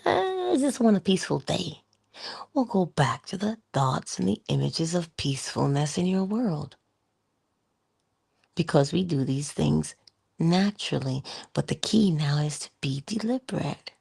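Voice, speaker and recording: Low gravelly motivational woman speaker. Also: animated, a little slow, a little mellow. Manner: conversational, asks rhetorical questions. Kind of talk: inspirational talk.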